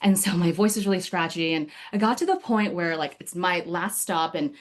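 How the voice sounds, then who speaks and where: A woman's voice: on the low side, expressive, moderate pace. A woman giving a personal storytelling speech to her speaking club over a video call, chatty and full of fillers, often laughing.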